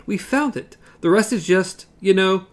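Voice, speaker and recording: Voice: mid-range voice, measured pace, pitched above the performer's own voice, natural voice. A reader voicing a small, fearless young woman. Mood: defiant. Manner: firm, plain-spoken.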